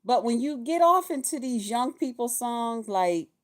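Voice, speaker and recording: Woman, fifties, casual vlog commentary, animated, profane, lively swooping pitch. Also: unhurried. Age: 50s. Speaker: vlogger.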